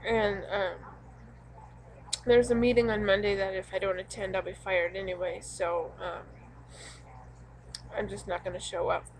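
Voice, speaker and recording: Young woman, casual vent to camera, rambling, halting with many ums, frustrated, faint noise behind. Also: medium pitch, flat delivery, poor audio. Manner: upset and frustrated. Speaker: vlogger.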